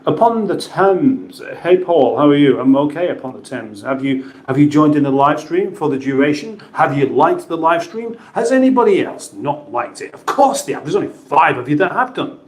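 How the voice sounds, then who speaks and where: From his home kitchen, a British man runs a casual livestream, reading out viewer messages and joking with playful voices for chat names. His voice sits on the high side with lively intonation, normal speed and hardly any pauses, and the room echoes.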